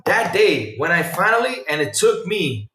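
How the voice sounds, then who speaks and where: A man hosting a casual podcast chat, telling stories in an animated way that swings from loud to quiet. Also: high voice, moderate pace, faint music behind. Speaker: podcast host. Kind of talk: casual chat with a live chat audience. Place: home room. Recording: roomy sound from a distance off the mic.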